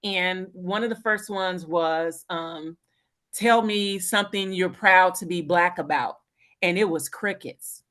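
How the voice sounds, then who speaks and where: A woman, a teacher, speaks in a lowish voice as she earnestly shares a story on a call. She fills her sentences with ums and "and so" as she goes. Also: slow, a bit bright. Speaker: caller, teacher. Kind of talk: casual testimony on a call.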